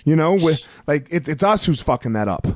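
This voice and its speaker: A man hosting a podcast, chatting casually and telling stories in a loose, profane, animated way. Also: fairly high pitch, fairly quick, no room sound. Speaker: podcast host. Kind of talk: casual chat.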